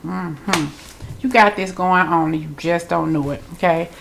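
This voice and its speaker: Lady doing a rambly spiritual reading, kinda congested and gravelly, low-ish voice. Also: a little slow, fairly bright tone, a little hiss or hum. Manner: chatty, loose, repeats herself. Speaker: tarot reader.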